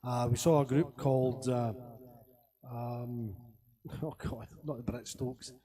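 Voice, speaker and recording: A man's voice: mid-range voice, fairly even intonation, takes it slowly, mellow. A Scottish man chatting casually between songs on a webcam stream, rambling and laughing as he tells stories. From Scotland. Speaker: singer streaming to friends.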